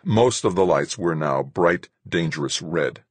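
A man with a husky voice giving a measured first-person audiobook narration. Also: sits low, lively intonation, no echo.

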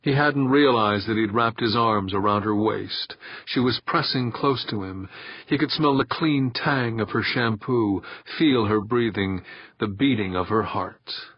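A male narrator reads at an unhurried, deliberate pace with a low, husky voice. The recording is dry and slightly muffled, with no room sound. His delivery stays even and measured. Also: no room sound. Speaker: audiobook narrator. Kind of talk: scripted narration.

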